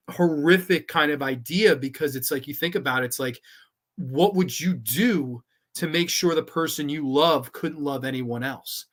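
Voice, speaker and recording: A man's voice: mid-range voice, a bit bright. A man hosting a live horror movie show, talking casually and enthusiastically with loose rambling phrasing and frequent swearing.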